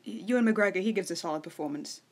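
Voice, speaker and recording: A woman co-hosting a podcast, talking about a film in a relaxed, wry, offhand way. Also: mid-range voice, fast. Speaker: podcast co-host. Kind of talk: casual film discussion.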